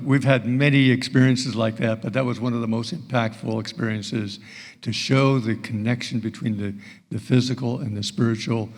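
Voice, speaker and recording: A man giving a testimony during a church service, speaking slowly and measured, with restarts. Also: medium pitch, gravelly, darkish tone, in a large hall. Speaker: physician. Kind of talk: testimony in a sermon.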